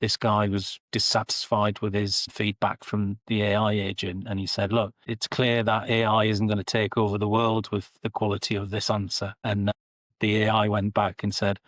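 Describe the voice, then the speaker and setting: A middle-aged Geordie man talks as an interview guest, spinning amused anecdotes in a casual way. His voice sits low and stays fairly flat in pitch. The sound is close and dry. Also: normal speed, no echo. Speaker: guest, sales and customer success director.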